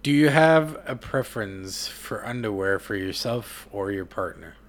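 A man's voice: on the low side, lively intonation, measured pace. A man hosting a casual podcast interview, asking teasing, jokey questions. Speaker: podcast host.

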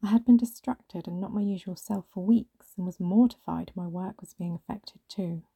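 A woman reading a first-person story aloud in a hushed, often half-whispered way. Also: mid-range voice, moderate pace, vocal fry, slightly rough, dry recording. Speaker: narrator.

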